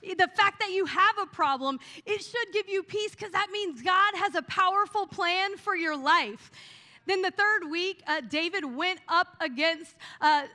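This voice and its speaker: A woman pastor preaching a sermon, telling the story with lively energy and saying "y'all" to the congregation. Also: very high-pitched, unhurried, big-room sound. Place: church hall.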